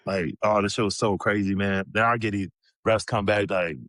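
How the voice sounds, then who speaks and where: Brief: low-pitched man in his 30s, loose swearing storyteller, dry close sound. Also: moderate pace, no room sound. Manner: profane, animated storyteller, many "bro" and "like" fillers. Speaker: podcast guest, former pro basketball player. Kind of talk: casual storytelling.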